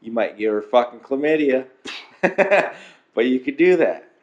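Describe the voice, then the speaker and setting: A man's voice: medium pitch, expressive, measured pace. A man in crude casual banter who laughs often and eggs the other speaker on. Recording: dull lo-fi recording.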